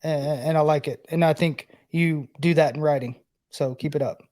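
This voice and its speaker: A man with a notably high speaking voice talks casually on a sports podcast, loose and rambling. He was a player and now works in broadcasting, and he fills his sentences with "like". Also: steady tone, moderate pace, a little mellow. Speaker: co-host, former player and broadcaster.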